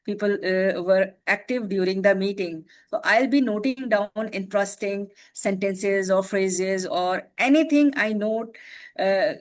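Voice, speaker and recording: Lady on a club call explaining things real slow, stops and restarts a lot. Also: mid-range voice. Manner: slow, careful, with fillers and restarts. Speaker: club member, super listener. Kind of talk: explaining a meeting role.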